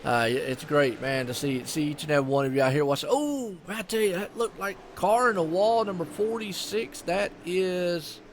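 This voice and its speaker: A man's voice: high-pitched, normal speed, hardly any pauses, slight background noise. A man with a Southern US accent giving live commentary on an online sim race in a folksy, chatty way. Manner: folksy, chatty, lots of "I tell you what" and "y'all".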